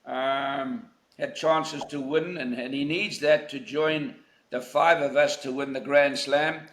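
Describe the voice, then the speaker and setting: A man's voice: medium pitch, fairly even intonation, slow, fairly bright tone, reverberant, slight background noise. An older man from South Africa, a golf legend being interviewed, telling anecdotes in a reflective, emphatic way. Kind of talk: conversational interview.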